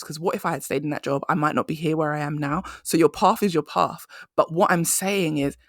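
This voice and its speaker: A woman's voice: fairly low pitch, dry recording, studio quality. A young adult woman hosting a solo career-coaching podcast, telling stories with emphatic conversational energy.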